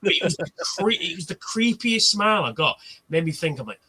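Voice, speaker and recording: Slight background noise sits under this livestream host's voice, which is high, bright and forceful, very animated and fairly quick. He chats casually, telling anecdotes and performing the quoted back-and-forth like a born storyteller.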